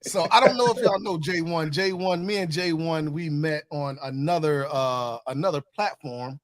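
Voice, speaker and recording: Crowd noise surrounds a man whose voice is on the high side, speaking at normal speed as a livestream host. His casual chat is laid-back and repetitive, with "you know what I'm saying" coming up regularly.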